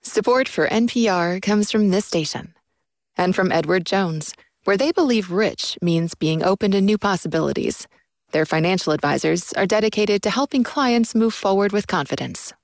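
A female station announcer reading sponsor messages in a smooth, unhurried way into a close studio mic. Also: medium pitch, lively intonation, no echo.

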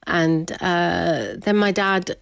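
A middle-aged woman, an interview guest, telling a personal story with candid, animated warmth and frequent laughter. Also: lowish voice, very slow, vocal fry, dry recording, studio quality.

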